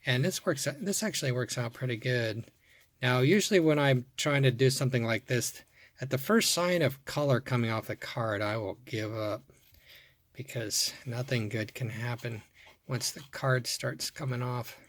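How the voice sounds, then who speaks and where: A man's voice: mid-range voice, normal speed, dry recording. Chatty man showing off toy cars. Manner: muttering softly while working, then bursting into excitement. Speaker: toy car collector and video host. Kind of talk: casual hands-on show-and-tell.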